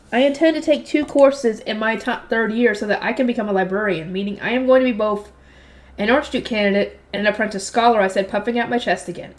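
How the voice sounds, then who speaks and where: A young woman's mid-range, slightly mellow voice reads a light novel aloud. She does the character voices lightly and interrupts herself with offhand slangy comments.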